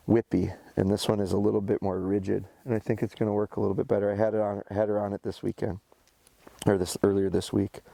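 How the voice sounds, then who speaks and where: A man's voice: on the low side, vocal fry, dark tone, dry recording. A male dog trainer giving casual, step-by-step instruction outdoors, breaking off often to praise and call his dog. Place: outdoors by a rural road.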